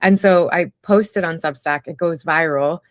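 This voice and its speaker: Woman, casual conversation, reflective storytelling, lowish voice, dry recording. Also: unhurried, no room sound. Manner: reflective, storytelling with many fillers. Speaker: podcast guest, writer.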